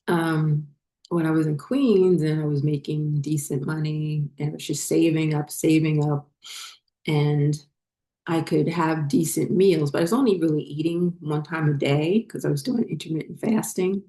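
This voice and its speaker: A woman telling a personal story in a rambling, halting way, full of fillers and restarts, as a spiritual vlogger. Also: low voice, steady tone, dark tone.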